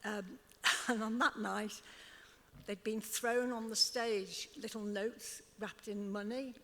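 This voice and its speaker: On a club stage before an audience, an older Liverpool woman slowly tells stories as an interview guest, her medium-pitched voice a bit bright with fairly even intonation. She tends to laugh while voicing what other people said. The recording has long hall reverb.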